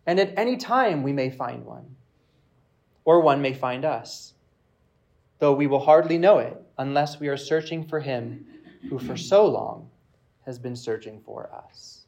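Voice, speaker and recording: A man preaching, reading a reflective passage aloud in a measured way with pauses. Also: medium pitch, gravelly, darkish tone. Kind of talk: sermon with read-aloud passage.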